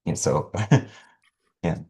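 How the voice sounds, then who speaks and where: A man, a program coordinator, asking a webinar panel a polite question in a hurry. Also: dark tone. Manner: hurried, polite.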